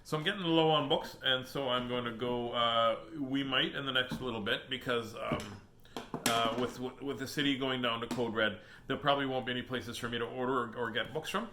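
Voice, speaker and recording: A man's voice: mid-range voice, steady tone, fairly quick, noisy background. A man hosting a live children's book reading stream, chatting in a silly, playful, joking way. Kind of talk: casual live-stream chat. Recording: echoey room.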